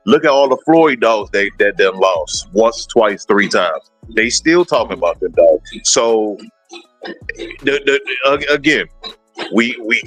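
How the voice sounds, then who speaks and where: A man talking in a casual livestream conversation as a guest breeder, animated and telling stories, acting out what other people say. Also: on the low side, dry recording, rough recording.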